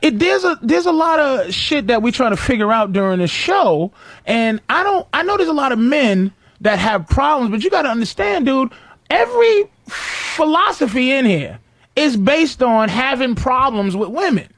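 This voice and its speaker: A man's voice: very high-pitched, sing-song, moderate pace, creaky, fairly bright tone, dry recording. A man hosting a radio talk show, rambling through a profane, laugh-filled story in a casual studio chat.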